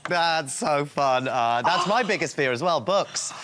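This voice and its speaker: British man hosting, jokey, lively pitch, loud noise behind. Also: measured pace. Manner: jokey, teasing. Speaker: host. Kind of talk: studio talk show.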